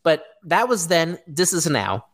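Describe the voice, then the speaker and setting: A woman with a notably low voice holds forth on a casual podcast. She rants bluntly, cursing freely and mocking what annoys her. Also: big pitch swings, a little slow. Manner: blunt, profane ranting. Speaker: podcast co-host. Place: Florida.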